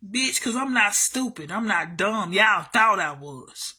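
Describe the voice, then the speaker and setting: A woman's voice: mid-range voice, normal speed, hardly any pauses, pushed and bright. A woman telling a story to her camera in a casual monologue, blunt and heavily profane, repeating herself for emphasis. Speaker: vlogger.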